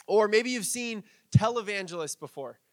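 A man's voice: high-pitched, expressive, moderate pace, no room sound. A man preaching as a pastor in a casual, chatty way, with fillers and light laughs. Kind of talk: conversational sermon.

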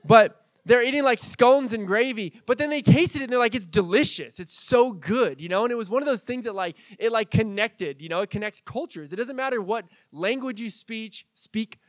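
A pastor from Southern California preaching a sermon in a casual, conversational way, full of asides. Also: male voice, extremely high pitch, a little fast, few pauses, no echo.

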